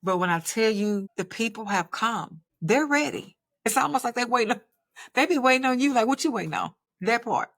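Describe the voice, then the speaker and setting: A woman's voice: fairly high pitch, normal speed, a bit bright, no room sound. A woman talking to her viewers about her faith, emphatic and preachy, often asking "right?" and saying "y'all". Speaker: faith vlogger and filmmaker. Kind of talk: casual faith talk to viewers.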